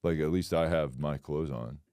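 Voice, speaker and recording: A man co-hosting a comedy podcast, chatting casually with a deadpan, ironic delivery. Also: extremely low pitch, normal speed, no echo, studio quality. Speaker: podcast co-host.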